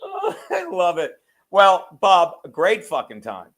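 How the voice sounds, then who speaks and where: A man's voice: sits high, huge pitch swings, slow, a bit bright. A man hosting a podcast, rambling and swearing casually, laughing often. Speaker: podcast host. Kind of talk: casual chat.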